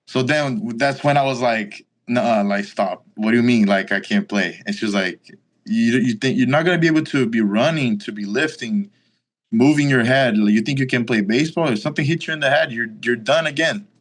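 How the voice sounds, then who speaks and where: A fairly quick, medium-pitched male voice: a Brazilian man in his twenties, native in Portuguese and speaking with a Brazilian accent. As a guest in an interview, he animatedly retells a story in a casual way, voicing the quoted dialogue and saying "like" frequently.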